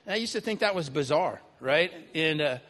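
Talking fairly quickly in an animated, somewhat high voice with a fairly bright tone, a man recounts a personal story to a live crowd. He keeps it conversational and often adds "right?" to his lines, and a large hall gives the audio a long reverb.

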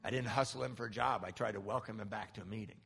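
Gravelly man telling his story in a reverberant hall. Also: lowish voice, rapid-fire. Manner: animated storytelling with acted quotes and laughs. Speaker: speaker sharing a recovery story. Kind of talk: personal testimony.

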